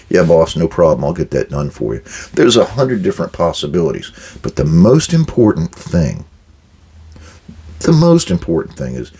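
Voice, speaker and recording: A man's voice: low voice, darkish tone, slightly rough. An older man hosting a management advice talk, blunt and direct, acting out quoted exchanges with workers. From United States. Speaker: podcast host giving management advice.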